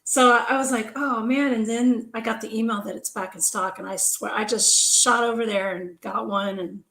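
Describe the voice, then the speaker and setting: Woman co-host, somewhat high voice, chatty, casual stream talk, roomy echo. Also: steady tone, normal speed, creaky, a bit bright. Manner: chatty, laughs easily, trailing restarts. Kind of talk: casual livestream chat.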